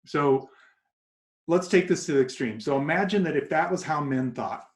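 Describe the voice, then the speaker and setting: Man, guest coach, lively storyteller who acts out quotes; slightly raised pitch, roomy echo. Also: moderate pace. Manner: animated storyteller acting out quoted voices. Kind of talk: casual interview talk. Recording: echoey room.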